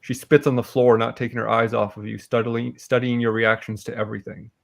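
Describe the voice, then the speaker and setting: Gravelly-voiced male game master. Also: medium pitch, level tone, fairly quick. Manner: laughs often, chatty. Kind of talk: narrating a tabletop game.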